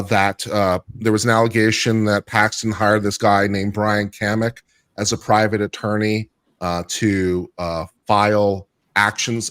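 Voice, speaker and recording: A man with a fairly low voice walks through a legal case in a casual, thinking-aloud way. He often pauses on fillers and restarts his sentences. His voice sounds dry and close, with no room echo. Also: smooth. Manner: thoughtful, with frequent fillers and restarts. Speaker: legal commentator and panel guest. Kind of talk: casual legal analysis on a livestream panel.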